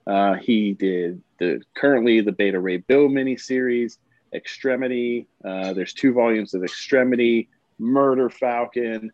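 A man's voice: mid-range voice, steady tone, measured pace, a little mellow, dry recording, highs cut off. Enthusiastic man co-hosting a comics show. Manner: enthusiastic, chatty. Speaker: podcast co-host. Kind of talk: casual chat.

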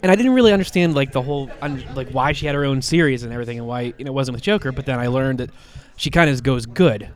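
Talking fast at a medium pitch, a slightly congested man rambles through a story on the comic book podcast he co-hosts. The chat is casual and full of fillers and false starts.

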